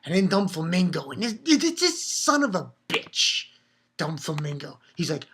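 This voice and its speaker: A man talks through a comic chapter in a casual solo review. His voice is bright and a little sharp. He rambles in an animated way, cursing freely and breaking off mid-sentence to start again. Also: high voice, normal speed, breathy edge. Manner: animated rambling with frequent swearing and restarts. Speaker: manga reviewer.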